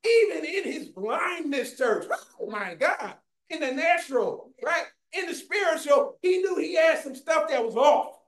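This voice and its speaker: A preacher delivering a fervent sermon, often shouting and calling out to the congregation, recorded in a church. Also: high voice, animated, a little slow. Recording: echoey room.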